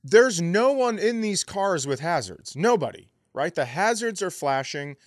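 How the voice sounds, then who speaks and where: Animated profane man telling a story. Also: high-pitched, unhurried, no room sound, clean studio sound. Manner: animated, profane, acts out quotes in raised voice. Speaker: podcast co-host. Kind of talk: casual comedic storytelling.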